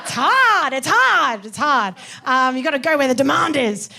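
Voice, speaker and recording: A woman's voice: sits high, sing-song, normal speed, creaky, sharp tone. An Australian woman doing a chatty stand-up comedy set on a live theatre stage, giggling and whooping now and then. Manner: chatty, giggly, bursts of cheering.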